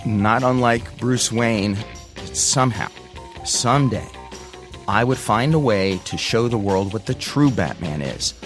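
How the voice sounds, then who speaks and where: A man in his sixties from the United States telling a first-person story, animated and acting out the voices of the people he quotes. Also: lowish voice. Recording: guitar music underneath.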